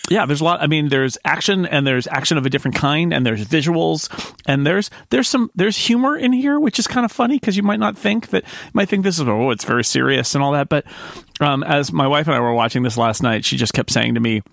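A man hosting a casual podcast panel chat, talking with easy laughs and lively swings in pitch. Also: a little fast, gravelly, no echo, clean studio sound. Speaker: podcast host.

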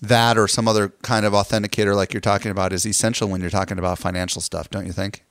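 A man hosting a podcast, chatting quickly and asking his guests questions. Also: fairly low pitch, flat delivery, fairly bright tone, dry recording, clean studio sound. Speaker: podcast host. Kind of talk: casual interview chat.

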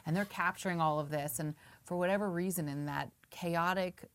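Low-voiced woman telling a story. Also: brisk. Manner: animated, acts out her own past thoughts. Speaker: guest. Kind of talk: casual storytelling.

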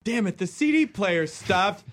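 A man hosting a casual chat, lively, laughing often and swearing casually. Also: high voice, a little slow, dry recording. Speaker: host.

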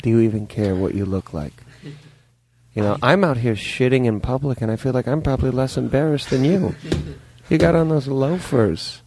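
A man voicing a pet dog who grumbles in a low, deadpan way about how his owners dress. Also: normal speed, noisy background, natural voice. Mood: grumbling. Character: fussy male pet dog, judging his owners' clothes.

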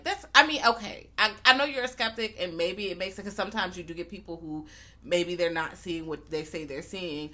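Bright-voiced woman recapping a film, animated. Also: medium pitch. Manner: animated, profane, acts out characters. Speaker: podcast co-host. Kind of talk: casual film recap chat.

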